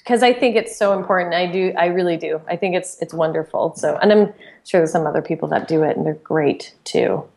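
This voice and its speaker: Her voice is on the low side, gravelly and a little mellow, and she talks a little fast. As a podcast co-host in casual chat, she's enthusiastic and chatty, recapping with plenty of filler words.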